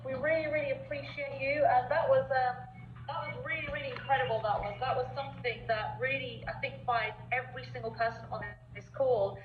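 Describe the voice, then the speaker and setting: A woman's voice: sits high, fairly even intonation, a little fast, slight background noise. A woman hosting a group video call, gushing with effusive praise as she thanks a guest. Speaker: call host. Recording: echoey, dull lo-fi video call audio.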